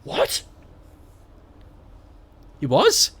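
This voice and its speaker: Brief: young male game streamer, raised in Stoke, relaxed drawl, candid and profane. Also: drawn-out words. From Stoke-on-Trent, England. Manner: swears a lot, laughs often, rambling and candid. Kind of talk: casual live-stream chat while gaming.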